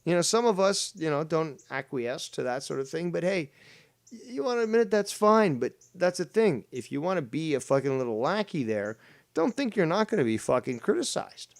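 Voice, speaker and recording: A man's voice: fairly high pitch, very animated, fairly quick, creaky. A man hosting a live show, arguing combatively and mockingly with a guest and talking over him. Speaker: show host. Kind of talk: heated argument on a live stream.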